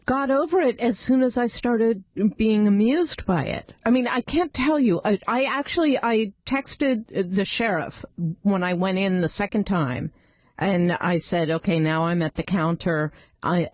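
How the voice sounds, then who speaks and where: A woman's voice: mid-range voice, measured pace, darkish tone, no room sound. A woman co-hosting a talk radio show, telling a wry anecdote in casual chat. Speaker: radio co-host.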